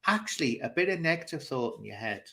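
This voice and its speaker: A man's voice: mid-range voice, animated, fast, vocal fry, sharp tone. A man hosting a casual chat, rambling and giving blunt opinions. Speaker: host.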